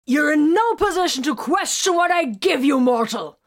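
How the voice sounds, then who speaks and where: A woman voicing a tightly strung male space marine librarian, speaking quietly and clipped, in a fan story reading. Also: fairly low pitch, steady tone, a little fast, natural voice. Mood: roaring. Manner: quiet, clipped, then bursts into roaring.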